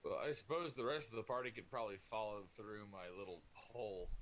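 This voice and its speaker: A man's voice: lowish voice, a little fast, a bit bright, slight background noise. A man playing a tabletop game over a voice call, talking casually with hesitant, wry asides. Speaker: player.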